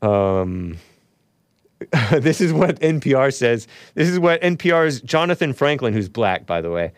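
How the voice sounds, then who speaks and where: A man's voice: medium pitch, big pitch swings, unhurried, dry recording, clean studio sound. A man hosting a solo talk show, reading news aloud and breaking in with sarcastic, mocking asides. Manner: sarcastic, mocking asides, laughs at own remarks.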